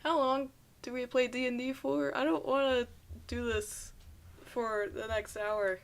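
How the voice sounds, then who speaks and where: Young woman reading out game text as she plays, slightly high voice, keeps tripping on words and restarting. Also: steady tone, unhurried, vocal fry. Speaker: game streamer. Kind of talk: reading game text aloud while playing.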